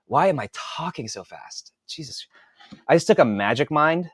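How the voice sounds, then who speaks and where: A man's voice: a little high, expressive, moderate pace, husky, no echo, clean studio sound. A man in his forties, an author hosting a podcast, chatting casually in a rambling, profane way and thinking aloud with restarts. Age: 40s. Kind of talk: casual livestream chat.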